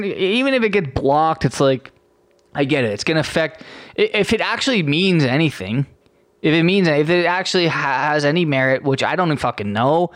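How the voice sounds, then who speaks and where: Sarcastic young man ranting, high-voiced. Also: a bit bright, no room sound. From Canada. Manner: profane, sarcastic, rambling with restarts. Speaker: podcast host. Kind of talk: casual ranting monologue.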